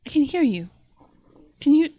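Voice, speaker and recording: Casting: a woman doing a gossipy little monkey sidekick, high-pitched and giddy, tabletop game. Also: very animated, normal speed, no room sound, lo-fi sound. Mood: excited. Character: chatty little female monkey familiar.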